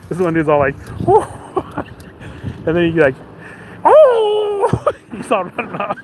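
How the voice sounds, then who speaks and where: A man's voice: on the high side, a little slow, a little hiss or hum, poor audio. A man casually telling a story, acting out the voices of the people in it, often laughing. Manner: animated, acts out both sides with shouted quotes. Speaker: vlogger.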